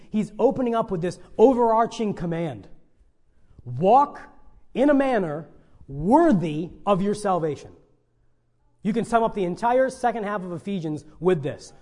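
Earnest high-voiced male preacher. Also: darkish tone. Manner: earnest, pleading emphasis with dynamic swings. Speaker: pastor. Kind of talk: sermon.

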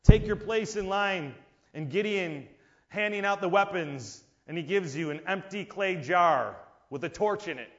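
A man preaching a sermon, animated and dramatic, acting out imagined voices and swinging between loud and hushed. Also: high-pitched, a little slow. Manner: animated, acts out voices, rises and drops in volume. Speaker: pastor. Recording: dull lo-fi sound.

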